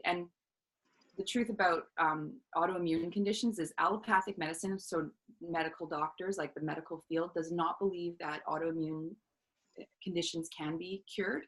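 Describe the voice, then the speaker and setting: A woman in her thirties tells her own story as an interview guest, with an earnest, reflective tone. Her voice sits a little low for a woman, and she often pauses with fillers and starts sentences over. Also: steady tone, poor audio. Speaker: self-love coach, guest.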